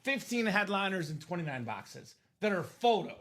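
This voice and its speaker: High, lively male card-break host. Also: normal speed. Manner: animated, explains rules to chat. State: coughing, losing his voice. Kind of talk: live stream sales chat.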